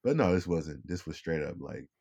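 Young male podcast co-host, very low voice, loose and rambling delivery. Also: animated, moderate pace, vocal fry, darkish tone. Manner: rambling, restarts often, laid-back. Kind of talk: casual chat.

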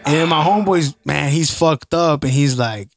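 A man's voice: a little high, normal speed, no room sound, studio quality. A man on a casual podcast, telling a story with lots of slang and swearing and acting out the voices of the people in it. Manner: animated, acts out quoted voices, heavy slang and swearing. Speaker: podcast co-host. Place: home.

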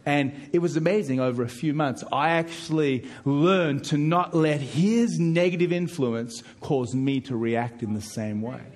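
Emphatic preacher, high-pitched man. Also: a little slow, hardly any pauses, darkish tone. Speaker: pastor. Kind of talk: sermon.

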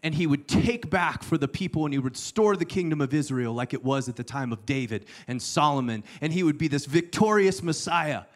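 A man preaching a sermon, telling the story with playful asides and sudden hushed lines. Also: on the high side, expressive, fairly quick, few pauses. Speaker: pastor.

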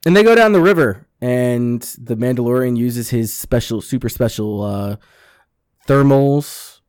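A man's voice: medium pitch, a little slow, no room sound, studio quality. A man casually recapping a TV episode, acting out the characters' lines and swearing freely. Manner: animated storyteller, acts out quotes, swears a lot. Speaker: podcast co-host recapping a TV episode. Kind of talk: casual profane chat.

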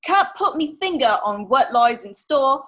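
Woman puts on Cockney seer, gloomy, rhyming, singsong, a touch high. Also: lively intonation, a little slow, fairly bright tone, full character voice. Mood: ominous. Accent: put-on Cockney.

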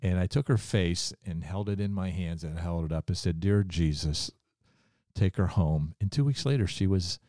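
A man's voice: low voice, a little fast, hardly any pauses, a little mellow, no echo, studio quality. A man hosting a faith-based interview, telling heartfelt personal stories full of quoted dialogue. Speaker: podcast host.

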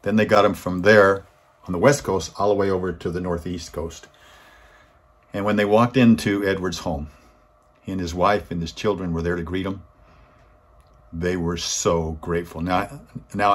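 A man giving a weekly inspirational talk, telling a story in an earnest way and rising in force on key points. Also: breathy edge. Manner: earnest, swells louder and higher on key points. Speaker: motivational speaker.

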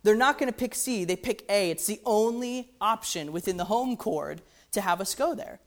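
A woman's voice: medium pitch, normal speed. Chatty woman teaching music analysis. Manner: conversational, with rhetorical "right?" checks; often muses "interesting". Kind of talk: explaining a hymn's melody.

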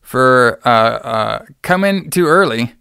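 A man's voice: medium pitch, takes it slowly, vocal fry, clear, resonant tone, no echo, studio quality. A man casually recapping a horror movie for a podcast, acting out the characters' lines and laughing often. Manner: animated storyteller acting out quotes, laughing often. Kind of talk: casual chat.

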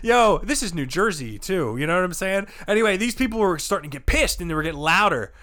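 A man, a comedian guest, telling a rowdy, profane story with animated delivery and sudden shouts. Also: sits high, quick pace. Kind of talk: storytelling chat.

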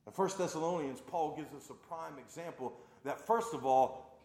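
With a voice on the high side and a normal pace, a thirtysomething man preaches in an echoing, spacious hall. His folksy, emphatic sermon moves from booming declarations to quiet, hushed moments.

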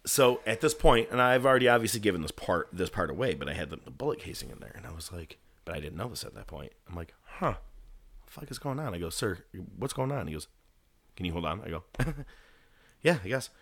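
Deep bright-edged guy ranting a travel story, cussing, laughing at himself. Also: fast talker. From California. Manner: animated, swearing, laughs at his own story. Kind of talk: casual storytelling.

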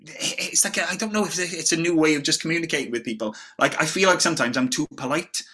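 A man's voice: on the high side, fast, pushed and bright, husky. A man telling stories in a casual chat as a podcast co-host. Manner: chatty storyteller, says mate often.

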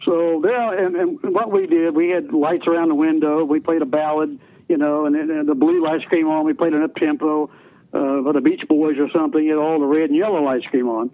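An older man who used to work as a radio DJ tells folksy, rambling stories about his career in an interview, restarting again and again. He speaks briskly in a steady, slightly high voice, and the audio is tinny, as from a phone line on radio.

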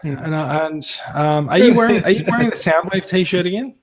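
A man's voice: high voice, lively intonation, moderate pace. A man with an Australian accent hosting a casual podcast, chatty and prone to restarting phrases. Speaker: podcast host.

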